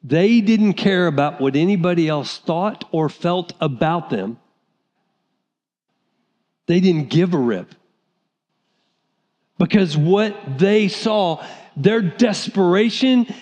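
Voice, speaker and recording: A man preaching a sermon as pastor, animated, sometimes acting out the voices of people in the story. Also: high-pitched, slow, muffled recording. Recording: reverberant hall.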